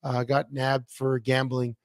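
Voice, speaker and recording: A man's voice: mid-range voice, slow, dry recording, clean studio sound. A man co-hosting a casual sports talk show, telling stories with lots of fillers and restarts over a remote computer mic. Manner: animated storyteller, many fillers and restarts. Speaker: co-host.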